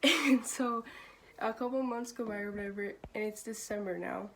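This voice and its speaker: A woman's voice: medium pitch, normal speed, noisy background. A young woman telling a storytime vlog in a casual, profane way, laughing often and filling her talk with "like". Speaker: vlogger.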